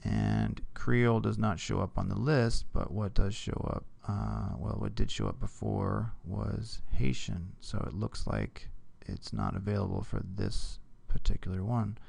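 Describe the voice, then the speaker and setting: Gravelly man walking through a screen tutorial. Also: lowish voice, a little slow, few pauses, darkish tone. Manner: casual, talks through each click with frequent "okay?". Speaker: teacher. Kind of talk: screen-recorded software tutorial.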